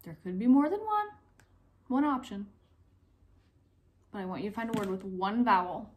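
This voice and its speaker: A young woman teacher giving a recorded phonics lesson to young pupils, speaking clearly, asking questions and pausing for answers. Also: medium pitch, big pitch swings. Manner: slow, clear, encouraging teacher talk, asks questions and pauses.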